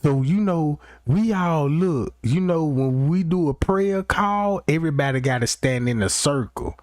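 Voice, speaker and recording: A man's voice: fairly high pitch, expressive, unhurried, a little mellow, no echo, clean studio sound. Rambling man on a profane comic rant. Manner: rambling, keeps asking "you know what I'm talking about". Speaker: livestream host.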